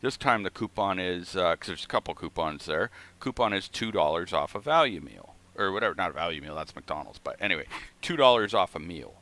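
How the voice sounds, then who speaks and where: Deep-voiced man ranting casually. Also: a little fast. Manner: profane, rambling, animated storytelling. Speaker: streamer. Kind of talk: casual gaming stream chat.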